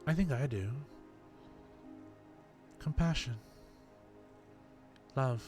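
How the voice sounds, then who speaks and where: A man's voice: mid-range voice, expressive, extremely slow, darkish tone, faint music behind. A man acting as game master in a live-streamed tabletop game, asking earnest, probing questions in character.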